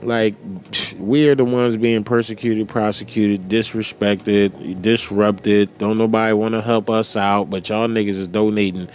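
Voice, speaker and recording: A man's voice: lowish voice, little pitch movement, measured pace. Profane ranting podcast host, man. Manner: profane, ranting, laughing often. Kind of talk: profane casual rant. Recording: loud background noise.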